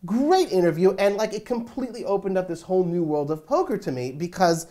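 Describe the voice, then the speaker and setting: A woman with a fairly low voice co-hosting a poker news show. She talks casually and animatedly, stacking up fillers and tag questions as she riffs. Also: fairly quick. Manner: animated, chatty, lots of fillers. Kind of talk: casual chat.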